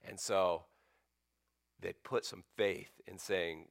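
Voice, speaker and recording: Male pastor, low register, dry close-miked sermon; storytelling, with swings from loud bursts to near-whispers. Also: fairly even intonation, takes it slowly, creaky, no echo.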